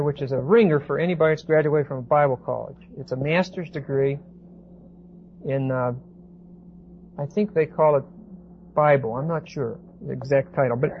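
A man giving a Bible class lecture, reading verses slowly with emphasis and then explaining them in casual asides. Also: a little high. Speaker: Bible teacher. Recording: dull lo-fi recording with faint hiss.

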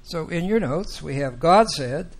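Slow, emphatic male Bible teacher. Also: on the high side, expressive, vocal fry. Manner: deliberate, emphatic, questions the class.

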